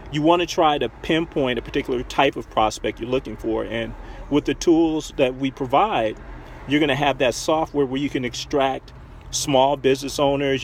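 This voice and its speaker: A man's voice: medium pitch, a little hiss or hum. A man casually retelling a conversation, chatty with lots of fillers. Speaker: online marketing vlogger. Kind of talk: casual storytelling to camera.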